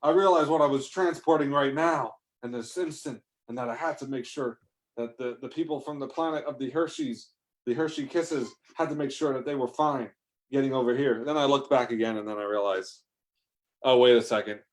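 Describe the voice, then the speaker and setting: A man's voice: medium pitch, brisk. A man improvising a rambling comic story, talking in a loose, profane way with sudden exaggerated outbursts. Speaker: comedic storyteller.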